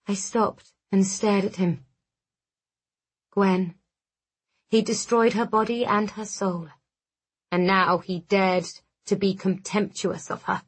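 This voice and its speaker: A woman narrating a first-person story for an audiobook in a measured way. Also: mid-range voice, steady tone, husky.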